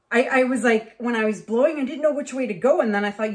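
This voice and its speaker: Animated storytelling woman painter. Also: fairly high pitch, brisk, few pauses. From Canada. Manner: animated, acts out voices in her stories. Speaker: acrylic pour painter. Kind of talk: casual storytelling while painting.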